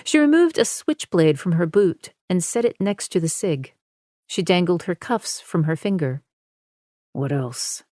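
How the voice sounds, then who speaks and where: A woman reads scripted audiobook narration in a low, slow, measured voice that is still very animated. Her tone is dark and mellow, recorded in a dry studio with no room echo.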